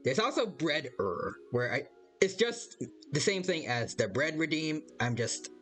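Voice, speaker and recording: A man's voice: fairly high pitch, very animated, measured pace, a bit bright, faint music behind. A man chatting casually on a live stream while playing a game, rambling and hesitant, reading out viewers' chat and greeting them by name.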